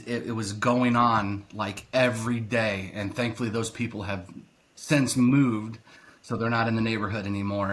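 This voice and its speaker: Exasperated man telling a story. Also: on the low side. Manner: animated storytelling, exasperated rants. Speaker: podcast guest, youth sports coach. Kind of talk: casual podcast chat.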